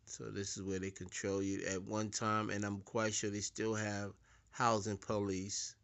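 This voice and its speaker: A man talks in a slow, unhurried preaching-style lecture. His voice sits a little low, and he repeats words as he builds each point. He gets louder whenever he wants something to land. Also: completely flat delivery, gravelly. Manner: deliberate, repeats words, swells louder for emphasis. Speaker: speaker giving a talk.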